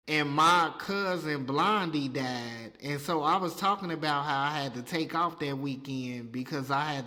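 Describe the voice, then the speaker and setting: Casting note: podcast co-host, man, plain-spoken, bright voice, hall reverb on the track. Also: a little high. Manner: plain-spoken, tells work anecdote. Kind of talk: casual chat.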